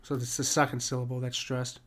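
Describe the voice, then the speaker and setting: A man's voice: mid-range voice, little pitch movement, fairly bright tone. Casual man teaching meter, asking "right?". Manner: conversational, checks in with "right?" often; slows down to read verse lines aloud. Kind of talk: casual screen lesson on poetic meter.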